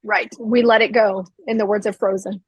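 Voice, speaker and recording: A woman's voice: mid-range voice, flat delivery, normal speed, slightly rough, dry recording, poor audio. A woman co-hosting a casual podcast, blunt and teasing with her co-host.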